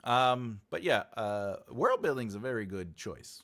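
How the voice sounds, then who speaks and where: A man's voice: mid-range voice, big pitch swings, unhurried, fairly bright tone. A man hosting a live writing class, chatting casually and jokingly with his audience, rambling with many filler sounds and answering chat comments aloud. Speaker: writing teacher and host.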